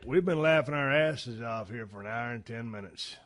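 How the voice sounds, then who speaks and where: A man's voice: mid-range voice, normal speed, a bit bright. A man hosting a podcast, reading ads and chatting in a folksy, profane way with loose grammar. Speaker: podcast host. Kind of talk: ad read and casual chat.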